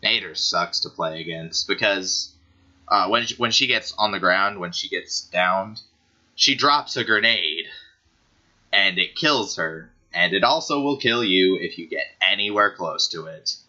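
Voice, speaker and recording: A man talking casually over gameplay, rambling and laughing at what amuses him. His voice sits low but swings up and down a lot, with a sharp, bright tone. The recording is dull and lo-fi, from a computer microphone. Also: lively intonation, measured pace. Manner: rambling, giggly, easily amused. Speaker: gaming YouTuber. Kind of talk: casual gaming commentary.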